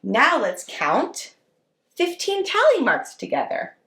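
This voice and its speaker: A woman teaching preschoolers at circle time, her fairly high voice swooping up and down with every phrase. She speaks slowly and patiently, coaxing the children along in an echoey room. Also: wildly swooping pitch, a bit bright. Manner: slow, sing-song and encouraging, addressing children as friends.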